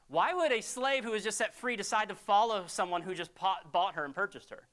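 A man's voice: high-pitched, fairly quick, hardly any pauses, a bit bright. A man preaching a sermon as a pastor, in a conversational, emphatic storytelling way.

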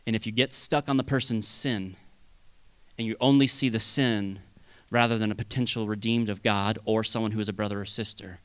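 A man preaching a sermon as pastor, swinging between loud bursts and hushed asides. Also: medium pitch, clean tone, no room sound.

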